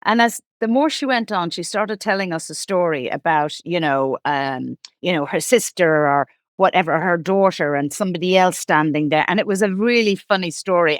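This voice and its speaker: Irish woman guest rambling through a story, lowish voice, dry close sound. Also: no room sound. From Ireland. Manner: chatty storyteller, many restarts and laughs. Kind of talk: casual interview chat.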